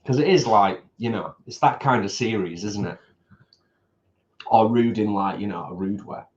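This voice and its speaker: At home, eating at a table, a man co-hosts a casual eating livestream for a food channel, chatting, rambling, and reading out viewer comments. His lowish voice moves at a normal speed, and the sound is lo-fi.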